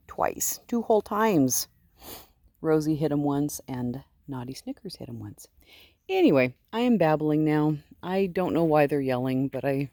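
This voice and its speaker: Chatty low-voiced woman, dry sound. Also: warm tone, no echo. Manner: chatty, switching into cooing baby talk. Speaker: sheep farmer. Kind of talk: casual vlog talking to animals. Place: outdoors in a wet sheep pen.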